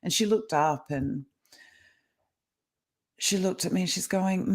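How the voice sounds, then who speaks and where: A woman's voice: fairly low pitch, slow, a little mellow. A middle-aged woman guest explaining ideas in a casual interview over a video call, talkative and laughing often. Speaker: guest, kinesiologist and life coach.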